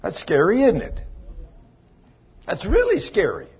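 Husky preacher man with lively delivery. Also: high-pitched, a little slow, muffled recording. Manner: storytelling preacher acting out dialogue, shifting loud and soft. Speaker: pastor. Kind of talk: sermon.

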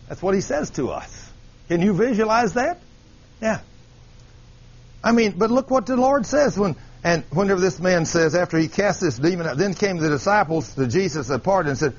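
Husky, animated man preaching. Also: a little high, normal speed, lo-fi sound. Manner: animated, questioning the congregation. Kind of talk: sermon.

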